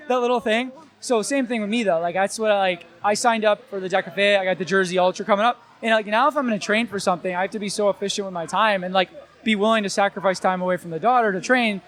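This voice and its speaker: A young man with a notably high voice talks loosely and warmly, leaning on filler words as he goes. His delivery is casual and unscripted, like a chat at an event. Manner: rambling, many filler "like"s. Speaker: gym owner and new father.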